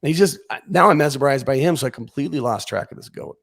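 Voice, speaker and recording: A man with a gravelly, mid-range voice tells a comic story as a podcast guest. He talks casually and animatedly, acting out the quotes along the way. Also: medium pitch, animated, quick pace, fairly bright tone.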